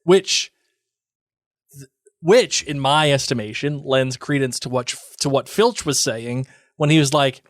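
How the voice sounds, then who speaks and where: A man's voice: medium pitch, no echo. A man co-hosting a podcast, chatting casually with playful asides. His voice sits in a middle range, recorded close and dry. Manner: playful, quick agreeing asides. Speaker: podcast co-host. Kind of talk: casual chat.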